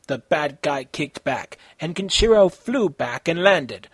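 A man reading his own fan fiction aloud in an amateur, halting way, with slips and self-corrections. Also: fairly high pitch, animated, breathy edge, dry recording.

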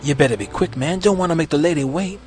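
A man voicing a laid-back, teasing male robot who talks in a deep, lazy drawl. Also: darkish tone, natural voice. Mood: lazy, smug. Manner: casual, unhurried, smug.

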